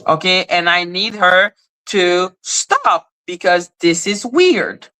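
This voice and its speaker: A woman's voice: lowish voice, very animated, slow pace, bright, forceful tone, low-quality recording. A woman hosting a livestream, ranting in a blunt, sarcastic and confrontational way while answering her chat. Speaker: livestream host. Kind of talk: casual livestream rant reacting to chat.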